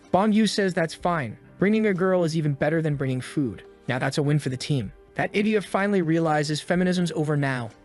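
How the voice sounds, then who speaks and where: A man narrating a comic story recap, with snarky asides. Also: fairly high pitch. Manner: snarky and commenting. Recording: faint music behind.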